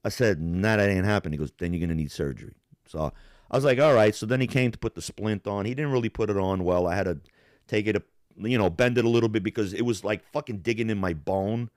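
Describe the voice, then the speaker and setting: A young man with a low voice tells his story in a loose, rambling way and swears often. The sound is dry and close, with no echo. He talks like he is chatting with a friend during a live stream. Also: fast, a little mellow. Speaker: podcast co-host. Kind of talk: casual live-stream chat.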